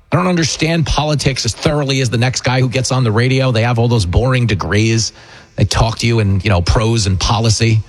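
A man hosting a talk show, ranting with sarcastic, animated, mocking political commentary. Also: mid-range voice, vocal fry, husky. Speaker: radio host and comedian.

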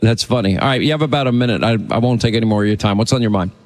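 Man from Long Island as talk-radio host, chatty and quick, voice with long reverb. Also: mid-range voice. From Long Island, New York.

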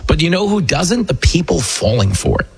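A man with a New York accent hosting a political commentary show, talking in a mocking manner and acting out quotes in a shrill high voice. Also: very animated, moderate pace, creaky, darkish tone, breathy edge, soft background music. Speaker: show host.

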